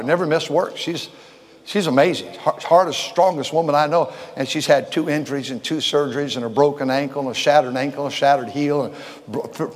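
An older man preaching a folksy sermon, repeating words and swinging from shouts to quiet talk. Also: fairly high pitch. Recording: long hall reverb.

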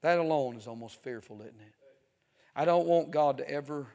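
A male preacher delivering a sermon, dropping to near hushes and then building to loud, emphatic stretches punctuated with "Amen.". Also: fairly high pitch, normal speed, creaky. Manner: swings from hushed to shouting, repeats "Amen".

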